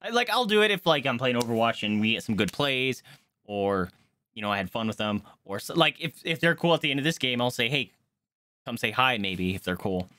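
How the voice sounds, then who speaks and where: Excitable male streamer, lively swooping delivery, swears often while playing. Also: mid-range voice, brisk, dry recording. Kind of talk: gameplay commentary.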